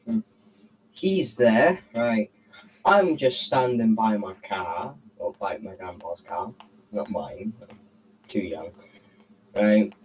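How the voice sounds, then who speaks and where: Low-voiced teen, rambling and profane. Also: male voice, slow pace, pauses often, highs cut off. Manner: rambling and profane, tags lines with "right?". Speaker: podcast co-host. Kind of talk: casual podcast storytelling.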